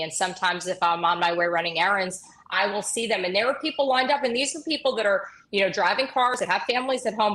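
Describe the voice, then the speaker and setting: Chatty woman co-host, bright sharp tone, quick joking asides. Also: medium pitch. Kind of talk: casual political talk show chat.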